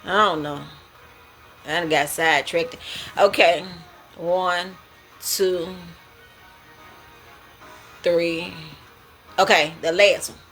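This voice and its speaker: A young woman tells her dream to her viewers in a slow, unhurried way. Her voice sits a little high and rings bright, with soft music playing faintly behind her. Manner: animated, laughing often, addressing viewers as y'all. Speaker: spiritual dream interpreter. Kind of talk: casual dream-sharing monologue.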